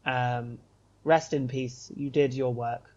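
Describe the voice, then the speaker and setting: A man's voice: mid-range voice, fairly even intonation, takes it slowly, a little mellow, highs cut off. A man co-hosting a casual podcast, talking earnestly and emphatically, then with playful self-mockery. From United Kingdom. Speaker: podcast co-host.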